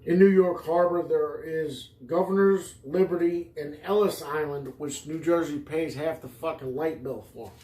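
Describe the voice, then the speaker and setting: With few pauses and a moderate pace, a man with a fairly high, mellow voice hosts a podcast. His improvised comedy monologue is profane and meandering, recorded in a roomy space with slight background noise.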